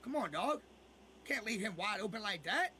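High-voiced man ranting on a game stream. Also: lively intonation, normal speed, pushed and bright, a little hiss or hum. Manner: profane, ranting, repeats himself. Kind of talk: casual live-stream chat.

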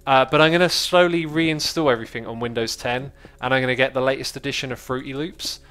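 A man's voice: mid-range voice, steady tone, quick pace, fairly bright tone, clear, resonant tone. A man chatting playfully and at length while co-hosting a livestream. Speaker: co-host streamer. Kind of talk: casual livestream chat.

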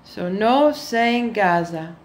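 A woman playing a pompous state spokeswoman who lectures children in a slow, patronizing satirical monologue that spits out "tfu". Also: medium pitch, lively intonation. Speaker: satirical character.

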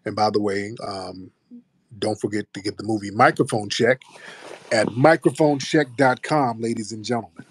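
A man's voice: fairly low pitch, normal speed, breathy edge, no room sound. An American man hosting a live audio chat, brash and profane, bantering with callers. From United States. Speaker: host of a live audio space.

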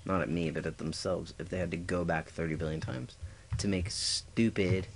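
Goofy let's player, a man with a low-ish voice, chatty play-by-play peppered with silly noises. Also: normal speed, vocal fry, slight background noise. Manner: goofy, talks to himself, makes sound effects. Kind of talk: casual gameplay commentary.

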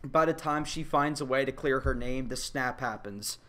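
A man as a podcast guest in casual chat, animated, swearing freely and acting out scenes. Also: mid-range voice, normal speed.

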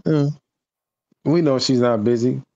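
A man's voice: medium pitch, measured pace, warm tone. A man co-hosting a casual live stream, talking in a laid-back way full of "you know" and restarts. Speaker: stream co-host. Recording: slightly dull lo-fi audio.

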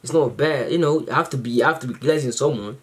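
A man hosting a reaction video, chatting casually to camera in a rambling, slangy way full of fillers, excited and grateful. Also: medium pitch, quick pace.

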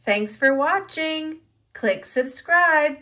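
A woman reading a children's picture book aloud, expressive and unhurried. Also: high-pitched. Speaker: storyteller.

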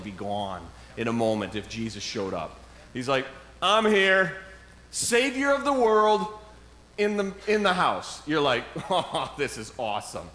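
Guy pastor reading bible verses slow and punchy then chatting loose, kinda high voice, echoey church room. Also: slight background noise. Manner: reads scripture aloud with slow emphatic stresses, then casual asides. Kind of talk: sermon. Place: church sanctuary.

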